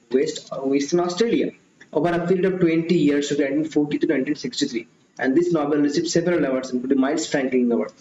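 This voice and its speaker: Male tutor, fairly high voice, quick exam-prep delivery peppered with "okay", roomy recording with faint hiss. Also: a little mellow. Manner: mixes Hindi into English, frequent "okay" and self-corrections. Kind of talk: mock test lesson. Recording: echoey room, dull lo-fi sound, faint hiss.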